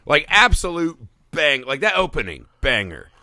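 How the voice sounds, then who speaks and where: Male podcast host, eager and animated, crisp bright tone, dry close sound. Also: a little high, moderate pace, no echo. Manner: enthusiastic, animated, swears casually. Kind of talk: casual film podcast chat.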